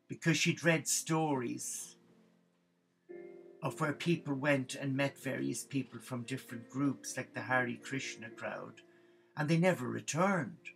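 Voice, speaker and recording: A man telling a comic story in a lively narrating way, slipping into character voices. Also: medium pitch, creaky, low-quality recording. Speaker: religious storyteller.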